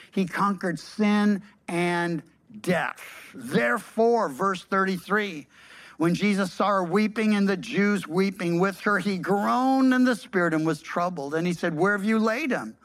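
A pastor delivering a sermon in a mid-range voice, reading scripture aloud and then stepping out of the text. The asides are lively and slangy, addressed straight to the listeners. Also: medium pitch.

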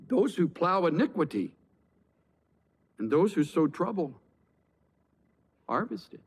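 A man's voice: on the high side, sing-song, takes it slowly, long pauses, slight background noise. A man preaching a conversational sermon, chatty and wry, with frequent restarts.

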